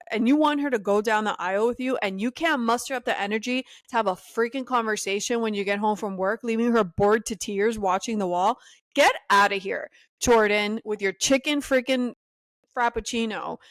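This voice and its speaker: A woman's voice: fairly high pitch, brisk, hardly any pauses, no echo. A woman hosting a podcast alone, giving opinionated, sassy commentary and ranting with laughs. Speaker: podcast host.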